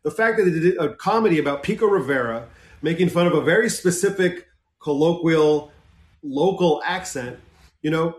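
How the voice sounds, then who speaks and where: A man's voice: fairly high pitch, expressive, normal speed. Enthusiastic man from California, echoey room. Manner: enthusiastic, playful. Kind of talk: casual chat.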